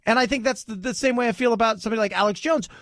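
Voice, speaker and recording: A man's voice: very high-pitched, rapid-fire, fairly bright tone, no room sound, clean studio sound. A man hosting a talk radio show, joking and sarcastic in a rambling commentary.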